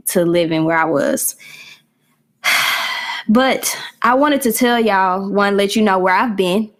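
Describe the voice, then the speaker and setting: A woman hosting her own podcast in a casual, chatty way, talking straight to her listeners with a voice she calls country. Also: lowish voice. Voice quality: self-described country voice. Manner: chatty, animated, addresses listeners as y'all. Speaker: podcast host. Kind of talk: casual solo podcast talk.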